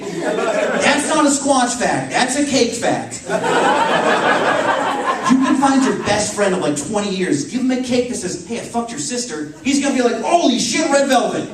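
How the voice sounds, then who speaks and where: High-voiced comedian in echoey club. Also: male voice. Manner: deadpan, profane, mocking repetition. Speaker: stand-up comedian. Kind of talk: stand-up routine. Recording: echoey club, distant mic, crowd. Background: audience laughter.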